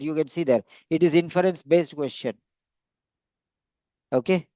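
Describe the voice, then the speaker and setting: Casting: high-pitched male teacher, emphatic and repetitive, dry close sound. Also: darkish tone, no echo. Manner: repetitive, emphatic, stretches key words. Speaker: English teacher. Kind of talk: classroom lecture.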